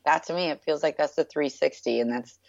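A woman's voice: deep voice, fairly quick, creaky, a little mellow, dry recording. A woman in her thirties from New York, guest in an interview, talking in a chatty, upbeat way with many filler words. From New York, USA. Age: 30s. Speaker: guest, brand founder. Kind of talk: casual interview chat. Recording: dull, lo-fi and dry.

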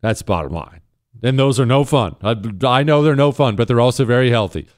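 Blunt, smooth-voiced talk radio host. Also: male voice, medium pitch, expressive, a little fast, darkish tone, no echo, studio quality. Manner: blunt, emphatic, repeats key points. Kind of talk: call-in advice talk show. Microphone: studio microphone.

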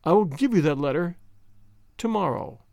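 A man's voice: high voice, lively intonation, moderate pace, darkish tone, dry recording. A man voicing a cold, relentless male French diplomat in an audiobook, speaking dryly and without mercy. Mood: cold menace. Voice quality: dry, relentless delivery.

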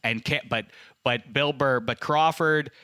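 A man's voice: mid-range voice, unhurried, sharp tone, clean tone, no room sound. A man in his late fifties hosting a casual chat, rambling and self-mocking with many fillers. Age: 50s. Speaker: sports radio host.

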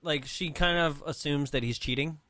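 A man chats through a movie scene by scene on a comedy podcast, laughing often and jumping into characters' voices. His voice sits a touch high and sounds bright and forceful. The recording is dry and close. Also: moderate pace, dry recording. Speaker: podcast co-host. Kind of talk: casual comedic movie recap.

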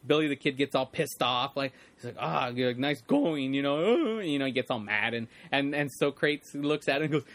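A man's voice: mid-range voice, brisk, few pauses, fairly bright tone, dry recording. A man in casual chat, rambling with many fillers and restarts. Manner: rambling, many fillers and restarts, quotes lines in put-on voices. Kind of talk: casual chat about a movie.

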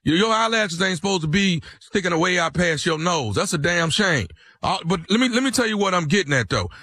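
A man acts out a furious husband on a prank call, loud and blustering, threatening in heavy slang. His voice sits high and sounds bright and sharp, with a dry close sound. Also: expressive, fairly quick, no room sound, exaggerated voice. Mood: angry. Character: loud angry husband, complaining caller, middle-aged man. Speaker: prank caller.

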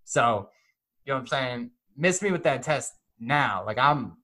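A young man in casual chat, telling a story in an animated way, acting out the people he quotes and swearing freely. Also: mid-range voice, a little slow.

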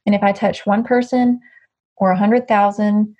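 A woman's voice: mid-range voice, steady tone, moderate pace, darkish tone. A woman speaking as an interview guest in a casual, candid chat, rambling with frequent restarts. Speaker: guest, social media creator.

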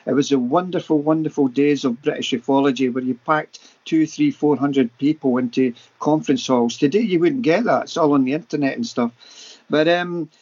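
A man's voice: on the high side, moderate pace, a little mellow, husky, highs cut off. A Scottish man in his sixties, a podcast guest telling paranormal stories with enthusiasm and vivid repetition. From Scotland. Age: 60s. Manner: enthusiastic, vivid, repeats words for emphasis. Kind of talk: animated anecdotal storytelling.

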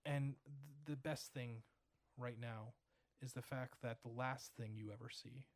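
A man narrates a tabletop horror game as game master. He talks at a middling pitch and often stumbles, repeating words as he builds each scene. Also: fairly even intonation, measured pace, dry recording.

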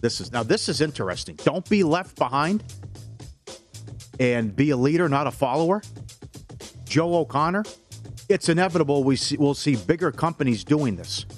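A man hosting a casual sports betting talk show, telling stories with big jumps in pitch. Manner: animated storyteller, jumps in pitch on punchlines.

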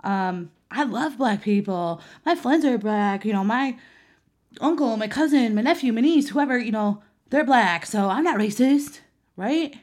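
A woman voicing a defensive, indignant man who protests his innocence, her pitch a little raised and louder. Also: animated, unhurried.

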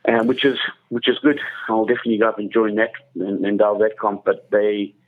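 A man guest telling stories in casual chat, halting with many restarts and fillers. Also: on the low side, steady tone, narrow, tinny audio. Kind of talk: casual storytelling.

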